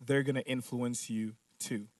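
A man preaching a sermon who asks rhetorical questions and slows down to stress key points. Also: medium pitch, fairly even intonation, no echo, clean studio sound, far from the mic.

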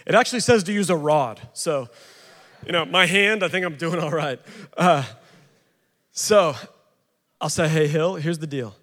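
A man's voice: fairly high pitch, animated, unhurried, long pauses, fairly bright tone. Man telling stories in an echoing hall. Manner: casual, chatty storyteller with many fillers. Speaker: speaker sharing his testimony at a recovery ministry. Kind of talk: humorous testimony talk. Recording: long reverb of a large hall.

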